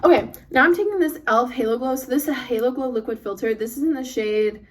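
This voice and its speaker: A young woman vlogger rambles through her makeup routine in a bright, high voice, piling on fillers as she goes. She sounds set back from the phone mic, with a light hiss of noise underneath. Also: distant mic. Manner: rambling, chatty, fast, full of fillers. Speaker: beauty vlogger. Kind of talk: get-ready-with-me chat.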